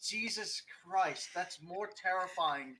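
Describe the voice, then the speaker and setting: A man's voice: sits high, slow pace, pushed and bright, slight background noise, rough recording. A young man chatting as a guest on a writing stream, rambling, joking and swearing freely. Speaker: guest writer. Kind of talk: casual chat.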